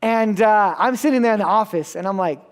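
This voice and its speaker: A man's voice: sits high, a little fast. A young man giving a sermon, telling a story casually with self-mocking asides. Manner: casual and self-mocking, acts out the people in his stories. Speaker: preacher.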